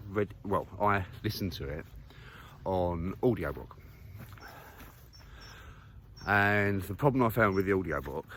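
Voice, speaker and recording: A man's voice: low-pitched, fairly bright tone, slight background noise. Man rambling on a country walk. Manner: rambling, many fillers, thinking aloud. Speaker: vlogger. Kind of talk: casual walking monologue. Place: outdoors on a muddy countryside walk.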